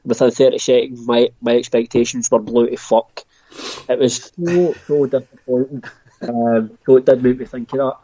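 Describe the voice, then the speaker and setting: Dark-voiced man, dry lo-fi audio. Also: mid-range voice, steady tone, normal speed, no room sound. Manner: hesitant, with frequent ums and restarts. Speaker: podcast guest. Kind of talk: casual podcast chat.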